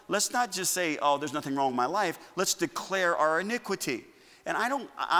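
Bright-voiced preacher man, echoing church. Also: a little high. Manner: preacherly, swings between loud declarations and quiet asides. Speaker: pastor. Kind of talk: sermon. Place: church sanctuary. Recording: long reverb of a church hall.

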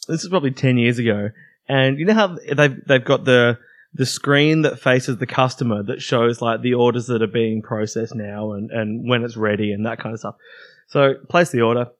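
A man's voice: medium pitch, normal speed. An Australian man in his thirties, co-hosting a casual chat and telling wry, self-deprecating stories. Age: 30s. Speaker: podcast co-host.

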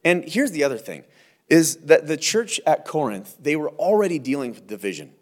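Lively-voiced pastor teaching scripture. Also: male voice, on the high side, moderate pace. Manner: conversational and emphatic, frequent restarts and repeated words. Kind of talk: verse-by-verse teaching sermon.

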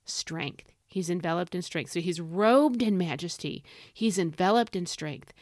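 A woman with a fairly low voice leads a devotional Bible teaching, reading the psalm and then unpacking it. She is earnest and conversational, and she repeats key lines for emphasis. The recording is dry and close, with no room sound. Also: a little slow, darkish tone, no room sound. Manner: conversational, speaks directly to the listener. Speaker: podcast host reading and teaching scripture.

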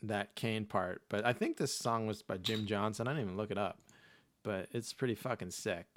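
A man's voice: fairly low pitch, moderate pace, no echo. A man co-hosting a podcast, chatting casually in a rambling, profane way. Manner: profane, rambling, slips into loud mock Boston voices. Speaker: podcast co-host. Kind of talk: casual chat.

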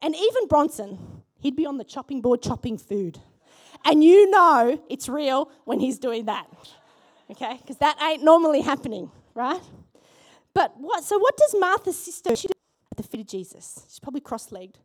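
High-voiced animated woman pastor preaching. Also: moderate pace. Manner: animated, rhetorical questions to the congregation. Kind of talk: sermon. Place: church.

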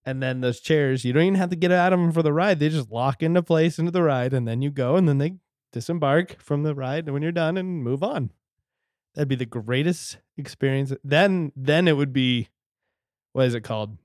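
A man's voice: a little high, normal speed, a little mellow, dry recording, clean studio sound. A man co-hosting a casual podcast, riffing on silly ideas and joking around. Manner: jokey, laughs between lines. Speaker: podcast co-host. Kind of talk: casual chat.

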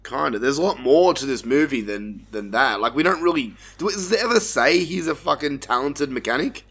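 Give me an Australian man hosting a relaxed film review, loose and profane. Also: mid-range voice, fairly quick, slightly rough. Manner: laid-back, swears freely, frequent restarts. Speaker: podcast host. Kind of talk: casual film review chat.

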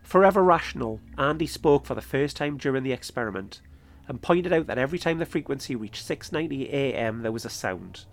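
A man narrates his own eerie experience as the host of a storytelling podcast. His delivery is measured and steady, and his voice sits at an ordinary pitch for a man. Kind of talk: first-person storytelling narration.

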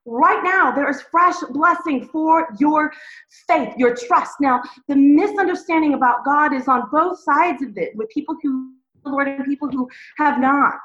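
A woman's voice: high-pitched, unhurried, fairly bright tone. A woman podcast guest sharing her faith testimony and leading listeners in prayer, emotional and rambling. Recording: roomy, dull lo-fi sound.

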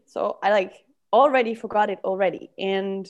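A woman with a German native tongue, a trainer in an acting workshop, thinking aloud in a halting way with restarts and swearing. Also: medium pitch, a little mellow, muffled recording.

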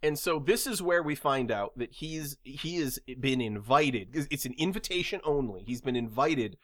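A man co-hosting a podcast, casually recapping a movie in an animated, joking way with many restarts. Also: medium pitch, moderate pace. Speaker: podcast co-host.

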